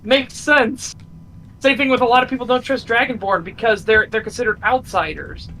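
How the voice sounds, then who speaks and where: High bright-voiced male streamer, excitable. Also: normal speed, rough recording. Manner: excitable, swears freely. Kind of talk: casual gaming chat.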